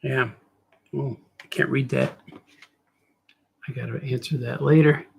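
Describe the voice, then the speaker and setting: A middle-aged cartoonist chats casually on a live stream as he draws, muttering to himself, trailing off, and addressing his viewers. His mid-range voice is gravelly and darkish with a breathy edge, and he speaks at a measured pace with fairly even intonation.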